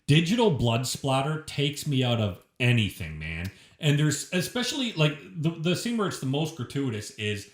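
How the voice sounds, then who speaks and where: A man co-hosts a laid-back film review podcast, rambling and swearing freely in a lively, profane way. His mid-range voice moves at a moderate pace with hardly any pauses. The shared room he's in gives the recording an echo.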